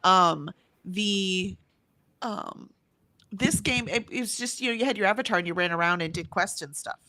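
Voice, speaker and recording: A middle-aged woman chatting casually on a livestream, her voice bright and clear. She rambles, restarts her sentences and breaks into laughter often. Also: medium pitch, normal speed, no echo. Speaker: co-host of a livestream. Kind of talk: casual chat, reading chat comments aloud.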